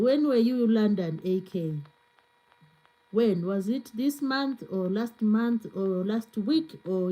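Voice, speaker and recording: A woman's voice: mid-range voice, mellow, poor audio. A woman hosting a live stream, chatting casually and reading out viewer comments to answer them. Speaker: cooking channel host on a live stream.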